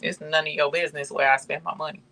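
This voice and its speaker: Bright-voiced chatty crafting host. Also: mid-range voice, level tone, fast talker, vocal fry. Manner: chatty, addresses viewers as y'all, reads chat comments aloud. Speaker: embroidery channel host. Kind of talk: casual livestream chat.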